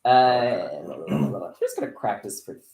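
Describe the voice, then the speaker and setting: A woman hosting a casual chat during a card game, talking in a rambling, animated way. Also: a bass voice, slow pace. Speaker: host. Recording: echoey room, faint noise, card clicks.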